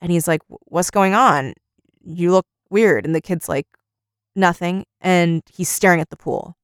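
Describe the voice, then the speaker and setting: A woman's voice: lowish voice, a little slow, clear, resonant tone, no echo, clean studio sound. A woman co-hosting a podcast, retelling a story in casual chat and acting out each character's lines. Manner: retells scenes by acting out quotes with "he's like". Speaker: podcast co-host.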